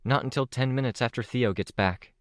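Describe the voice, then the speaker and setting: A man with a deep voice reads a young woman's lines in a lifted, brisk, steadying tone for an audiobook. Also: no echo, clean studio sound, close to an everyday voice.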